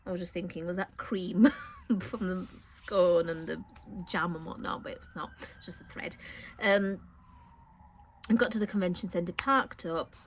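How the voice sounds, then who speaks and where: A woman chatting through a sewing haul vlog, coughing and a little short of breath from a cold. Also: lowish voice. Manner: chatty, animated storytelling. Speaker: sewing vlogger.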